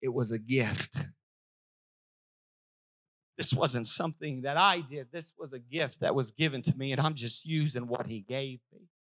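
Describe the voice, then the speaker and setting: A male pastor preaching a sermon with emphatic delivery, repeating phrases and swinging from loud, raised lines to soft, quiet ones. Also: mid-range voice, measured pace, long pauses. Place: church service.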